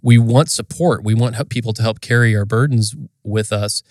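A man co-hosting a conversation, speaking in a thoughtful, measured and reflective way. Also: lowish voice, darkish tone, no echo, studio quality. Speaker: podcast co-host. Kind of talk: casual conversation.

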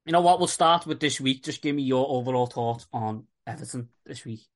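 A man's voice: mid-range voice, a little fast. Chatty man hosting. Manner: chatty, blunt, swears freely. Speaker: podcast host. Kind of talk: casual football chat.

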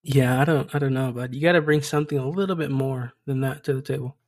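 A man's voice: medium pitch, steady tone, fast. A man co-hosting a casual podcast, laid-back and teasing, calling his friend dude and bud. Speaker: podcast co-host.

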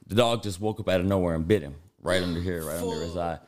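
Deep-voiced man, blunt and profane. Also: a crowd in the background. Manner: blunt, profane, rambling with quick asides. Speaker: podcast host. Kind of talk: casual storytelling. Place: podcast studio.

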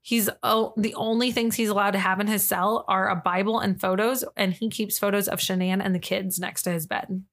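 A woman's voice: mid-range voice, fairly even intonation, brisk, few pauses, fairly bright tone. A woman co-hosting a true-crime podcast, reading case details in a casual way and adding blunt, disgusted opinions. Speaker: podcast co-host.

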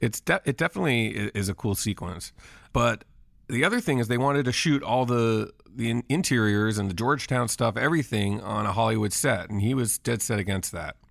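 A man co-hosting a podcast, calmly explaining film history in casual chat. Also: medium pitch, brisk, gravelly, no echo, studio quality. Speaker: podcast co-host.

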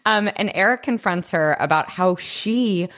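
A woman co-hosting a podcast, chatting casually about a TV episode in an animated, swearing, quick-burst way. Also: medium pitch. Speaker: podcast co-host. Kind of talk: casual chat recapping a TV episode.

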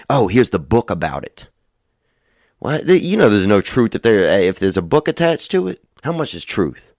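A man's voice: fairly low pitch, no echo, studio quality. A young man telling rambling, profane comic stories, loose and digressive, full of "dude" and "you know". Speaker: comedian. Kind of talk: rambling stand-up style monologue.

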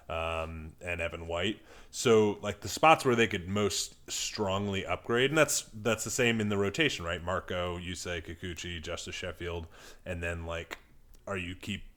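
Low-voiced man, halting sports talk. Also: fairly bright tone. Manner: halting, with restarts and trailing phrases. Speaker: podcast co-host. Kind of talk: casual sports chat.

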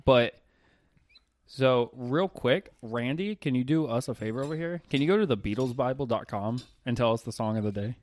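A man's voice: medium pitch, expressive, moderate pace. A man co-hosting a podcast in casual chat, talking in a profane, rambling way. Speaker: podcast co-host.

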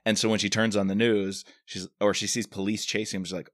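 A man's voice: fairly low pitch, little pitch movement, fast talker, a bit bright, no echo, studio quality. A man from the Washington DC area co-hosting a casual book podcast, retelling the plot with animation and acting out the characters' lines. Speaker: podcast co-host discussing a novel. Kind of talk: casual chat.

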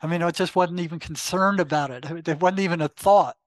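A man's voice: on the high side, a little fast, dry recording. An older man, a retired psychotherapist, telling a personal story as an interview guest, acting out the lines of an inner voice with many fillers and restarts. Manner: animated retelling with quoted inner dialogue, frequent fillers. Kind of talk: conversational storytelling.

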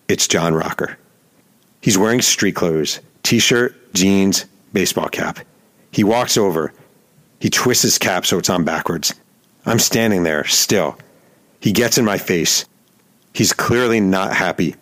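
A middle-aged man with a fairly low voice narrates his own story on a podcast. His delivery is dry and deadpan, with a wry edge. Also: moderate pace. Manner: wry, deadpan narration with heated acted-out quotes. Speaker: podcast host and journalist. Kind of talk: scripted first-person storytelling.

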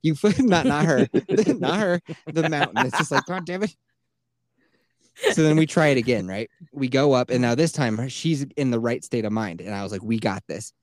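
A man's voice: medium pitch, fairly quick, hardly any pauses, dry recording, clean studio sound. A young man hosting a podcast, telling stories in casual chat, swearing and laughing as he goes. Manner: swearing, animated storytelling with laughs. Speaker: podcast host.

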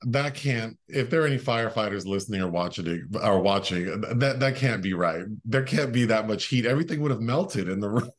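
A man's voice: fairly low pitch, brisk. A man co-hosting a podcast, chatting casually about a film, joking and laughing often with lots of fillers. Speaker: podcast co-host.

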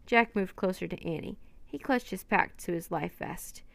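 A woman narrating a children's storybook in a steady, even reading. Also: on the low side, moderate pace, vocal fry, dry recording.

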